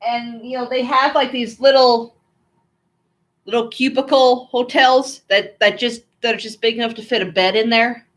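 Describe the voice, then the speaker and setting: A woman's voice: on the high side, fairly even intonation, moderate pace. A woman with an American accent chatting casually to her camera, rambling from one thought to the next with lots of fillers and asides. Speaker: vlogger.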